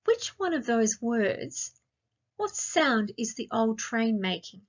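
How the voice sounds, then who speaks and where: A woman teacher with an Australian accent, giving a recorded grammar lesson to young children and asking slow, clear, sing-song questions. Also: a little high, big pitch swings, dull audio. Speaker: primary school teacher.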